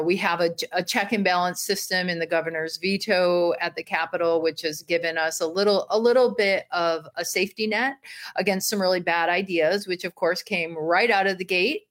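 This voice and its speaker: Earnest woman guest, lowish voice. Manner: earnest, explanatory, uses fillers. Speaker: guest, education advocate. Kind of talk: interview answer.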